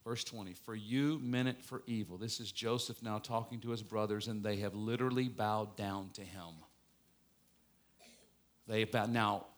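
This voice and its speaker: Male pastor preaching a sermon. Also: medium pitch. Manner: preaching with strong rises and falls, mock-gloating asides.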